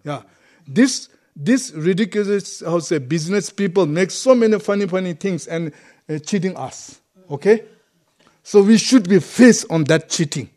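A man teaching as a Buddhist monk, speaking halting English that is not his first language, often pausing to find a word and chuckling through his points. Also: sits high, expressive, darkish tone. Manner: broken English, often gropes for words. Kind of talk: dharma talk to a group.

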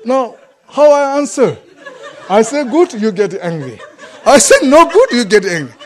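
A man teaching as a Buddhist monk, speaking halting English that is not his first language, often pausing to find a word and chuckling through his points. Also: sits high, sing-song. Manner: broken English, often gropes for words. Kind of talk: dharma talk to a group.

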